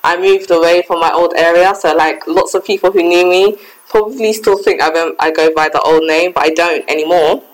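A woman's voice: fairly low pitch, fairly even intonation, a little fast, hardly any pauses, low-quality recording. A young woman from England, co-hosting a casual podcast chat in a reflective way, with many fillers. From Ghana heritage, raised in England. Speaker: podcast co-host.

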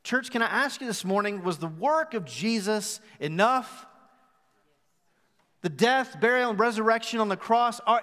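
A male pastor preaching a live sermon, emphatic, slowing down for dramatic rhetorical questions. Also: high voice, animated, fairly bright tone. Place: church hall. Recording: live sermon with long hall reverb.

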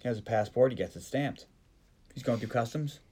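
A man's voice: medium pitch, a little fast, dark tone, husky. A man hosting a podcast, recapping a movie in casual chat and joking as he tries out character voices. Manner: joking, mock-doing character voices and accents. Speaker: podcast host.

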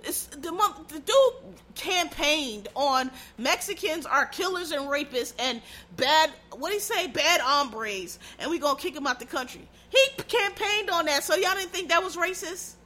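A woman's voice: sits high, expressive, a little slow, pushed and bright. Blunt, profane woman ranting. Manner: blunt, profane, heated and sarcastic. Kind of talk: casual ranting commentary.

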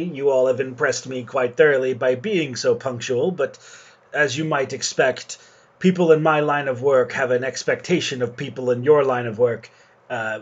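A man voicing a foppish, pompous male ship captain with a high, affected voice. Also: husky, lo-fi sound.

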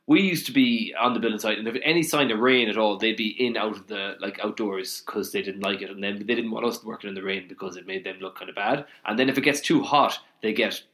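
A man's voice: lowish voice, fast talker, few pauses, pushed and bright. An Irish man co-hosting a casual podcast, telling rambling anecdotes and checking in with "right?" as he goes. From Ireland. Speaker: podcast co-host. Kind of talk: casual chat, storytelling.

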